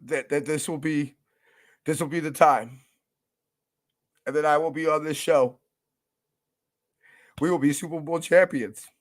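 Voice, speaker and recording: A man's voice: on the high side, steady tone, a little slow, pauses often. A young man hosting a fan radio show, talking in a profane, emotional, hyped-up way. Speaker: podcast host. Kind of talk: casual fan radio monologue.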